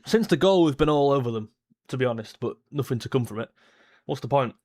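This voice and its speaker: A young man, reacting live to a football match, blunt and frustrated, jumping to excited shouts at chances. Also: mid-range voice, brisk. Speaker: football fan streamer. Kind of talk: live match watchalong commentary.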